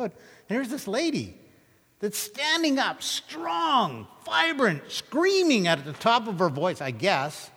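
A man preaching a sermon, telling Bible stories with animated, acted-out retellings of the scenes. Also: on the high side, moderate pace, in a large hall. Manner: animated storytelling, acting out scripture scenes. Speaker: pastor.

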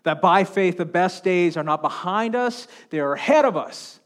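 A man preaching a sermon as pastor on a wireless mic, impassioned, swinging between loud calls and hushed stretches. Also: high voice, animated, moderate pace. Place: church sanctuary. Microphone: wireless handheld mic.

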